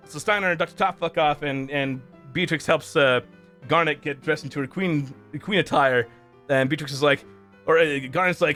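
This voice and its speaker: A man's voice: fairly high pitch, normal speed, bright, forceful tone, soft background music. A man streaming a rambling, profane recap of a game's story, full of restarts. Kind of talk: casual game story recap.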